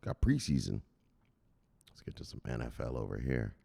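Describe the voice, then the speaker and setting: A man hosting a crypto news vlog, brash and rowdy, swearing and shouting sound-effect words between headlines. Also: very deep voice, big pitch swings, moderate pace, gravelly, slightly rough, long reverb tail. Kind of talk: casual hyped commentary.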